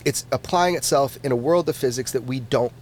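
A man being interviewed as a podcast guest, who talks in an animated and casual way, swears freely and often restarts his words. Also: medium pitch, fairly quick, a little hiss or hum.

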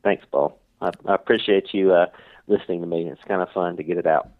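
A man's voice: sits low, steady tone, fast talker, no room sound. A man appearing as a guest on a podcast, talking earnestly in a casual interview and repeating his points. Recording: tinny phone line.

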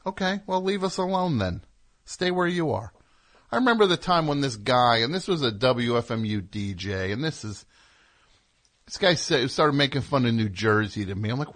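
A man's voice: mid-range voice, very animated, a little fast. Sardonic rambling male radio host. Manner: sardonic, rambling, mock-indignant. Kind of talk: casual call-in radio talk.

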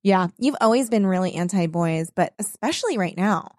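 A woman's voice: medium pitch, animated, normal speed, a little mellow, no room sound, clean studio sound. A young woman casually recapping a story with a friend, chatty and quoting characters in mocking voices. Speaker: podcast co-host recapping a book. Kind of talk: casual chat.

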